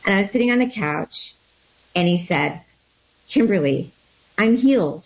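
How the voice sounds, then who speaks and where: Woman telling an animated personal story. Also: mid-range voice, normal speed. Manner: animated storytelling, acting out quotes. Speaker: guest. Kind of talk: storytelling in an interview. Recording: dull lo-fi sound.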